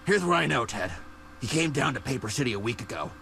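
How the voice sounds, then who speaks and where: A paranoid aging caped vigilante. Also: male voice, mid-range voice, very animated, quick pace, creaky, fairly bright tone, slight background noise. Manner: conspiratorial, growling asides.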